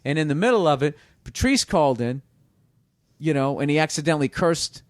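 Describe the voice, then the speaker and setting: A man telling a long story in a casual podcast chat, rambling and profane, dropping into quick impressions of other people. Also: on the high side, lively intonation, no echo, studio quality. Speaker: comedian guest. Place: small home studio.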